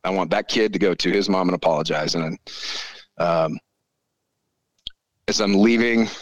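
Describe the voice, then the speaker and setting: Profane, animated low-voiced man storyteller. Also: moderate pace, no room sound, poor audio. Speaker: podcast guest. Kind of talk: casual storytelling chat.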